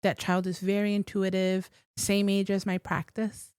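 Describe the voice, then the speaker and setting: A woman guest, a psychic and teacher, telling a personal story in a casual interview, emotional and close to tears, with halting restarts. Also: mid-range voice, monotone, a little mellow, clean tone, dry recording.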